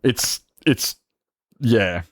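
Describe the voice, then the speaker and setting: A man's voice: mid-range voice, animated, very slow, no echo, clean studio sound. A man chatting casually on a gaming livestream, swearing freely and laughing often. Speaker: streamer.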